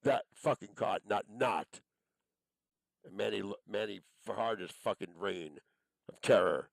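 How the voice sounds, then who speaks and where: A man's voice: fairly low pitch, a little slow, creaky, no room sound, poor audio. A man delivering an angry, profane monologue, accusing and cursing as he rambles from one charge to the next.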